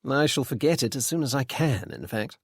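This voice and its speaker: A man voicing a courteous, apologetic young gentleman sleuth in a storybook reading, speaking briskly. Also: medium pitch, animated, breathy edge, no echo, clean studio sound. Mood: polite, apologetic.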